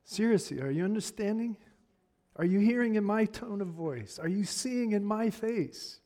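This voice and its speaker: A man preaching a sermon in a conversational way, dropping to near-hushed asides and then rising to fired-up emphasis. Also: high voice, animated, normal speed.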